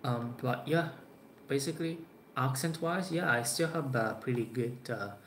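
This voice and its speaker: A man's voice: mid-range voice, normal speed, fairly bright tone. A man, talking casually to camera with plenty of fillers and restarts. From Japan. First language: Japanese. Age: 20s. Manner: rambling with many fillers and restarts. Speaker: vlogger. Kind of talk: casual talk to camera answering viewer questions. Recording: roomy echo, faint background noise.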